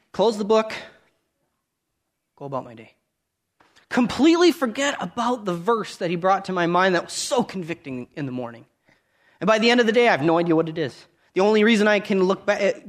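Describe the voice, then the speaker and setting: A man in his thirties preaching a sermon, earnest and conversational, rising loud on key points and dropping to quiet asides. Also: fairly high pitch.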